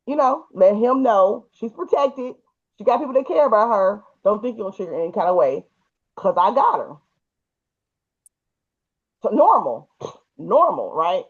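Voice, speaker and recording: A woman telling a personal story in a casual, animated and emphatic way, with colloquial speech. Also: medium pitch, normal speed, pauses often, breathy edge, phone-quality sound.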